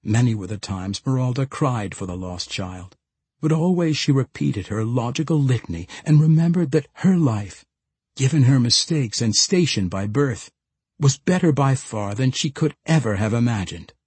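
Husky male audiobook narrator. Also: medium pitch, no echo. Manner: measured, steady storytelling. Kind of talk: scripted fantasy narration.

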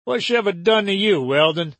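A man's voice: high-pitched, expressive, brisk, a bit bright, no echo, pitched above the performer's own voice, exaggerated voice. A man reading an audiobook, voicing a tired, blunt hired gunman. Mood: weary. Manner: weary, blunt.

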